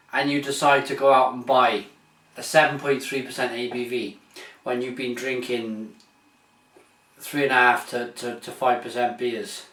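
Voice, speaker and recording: A man's voice: medium pitch, pushed and bright. A British man hosting a casual beer review vlog, talking with enthusiasm, rambling and restarting his sentences often. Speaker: beer reviewer, channel host. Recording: echoey room, mic at a distance.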